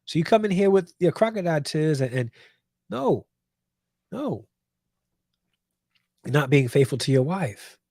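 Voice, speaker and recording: A man's voice: a little high, expressive, fast, hardly any pauses, a little mellow, no room sound. A man hosting a show, giving emphatic Bible commentary and repeating phrases for weight. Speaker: host.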